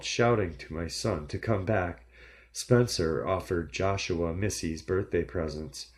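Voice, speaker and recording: A man reading a first-person horror story aloud in a measured, dramatic storytelling delivery. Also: sits low, darkish tone. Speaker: narrator.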